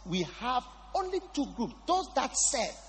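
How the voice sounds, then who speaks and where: A man's voice: very high voice, sing-song, a little slow, big-room sound, a little hiss or hum. A man preaching a sermon, emphatic and repeating his phrases for stress.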